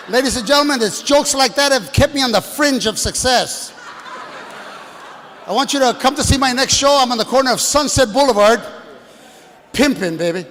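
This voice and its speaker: A man in his sixties doing a stand-up comedy set, brashly working the crowd and shouting at the audience from a stage. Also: very high voice, animated, normal speed, long pauses. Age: 60s. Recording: live hall with long reverb, faint room noise.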